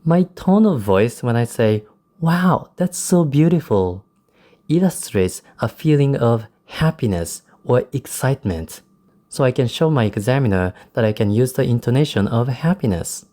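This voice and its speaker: Male English tutor, native Japanese speaker, warm relaxed tone, clear explanatory delivery. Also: medium pitch, normal speed. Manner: explanatory, demonstrates intonation in quoted examples. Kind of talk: recorded lesson.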